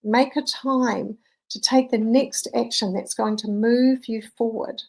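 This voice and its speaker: A woman in her fifties, a mindset coach, telling a personal story and giving motivational advice in a reflective, gently instructive way. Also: a little high, fairly even intonation, slow pace, vocal fry, rough recording.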